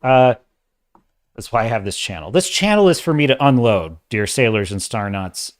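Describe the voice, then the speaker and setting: A man's voice: medium pitch, lively intonation, normal speed. A man hosting a casual livestream of entertainment commentary, opinionated and exasperated, talking in bursts with restarts. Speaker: host of a sci-fi and fantasy commentary channel.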